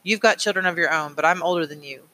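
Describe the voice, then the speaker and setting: A man reading an audiobook, voicing a steady, principled middle-aged father who speaks earnestly and firmly. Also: fairly high pitch, quick pace. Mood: pleading. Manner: earnest, pleading, firm.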